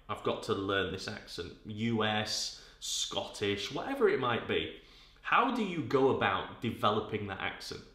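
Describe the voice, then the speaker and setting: A man's voice: mid-range voice, a bit bright. Chatty man in an echoey room. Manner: chatty, conversational, uses filler words. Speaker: dialect coach and acting tips host. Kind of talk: casual direct-to-camera advice.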